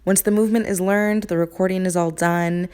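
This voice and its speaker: A woman's voice: lowish voice, fairly even intonation, brisk, darkish tone, a little hiss or hum. A young woman chatting upbeat and casually about her performance process in a home vlog, recorded on a phone. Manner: chatty and upbeat, with filler words. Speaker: musical theatre performer and vlogger. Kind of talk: casual behind-the-scenes vlog. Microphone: phone camera, sometimes set far off.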